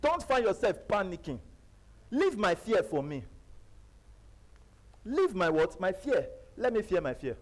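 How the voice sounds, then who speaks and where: A man with a Nigerian accent giving a live seminar talk, emphatic and repetitive, jumping between loud bursts and quiet asides. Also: high-pitched, very animated, unhurried, long pauses, poor audio. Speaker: seminar speaker. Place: seminar venue.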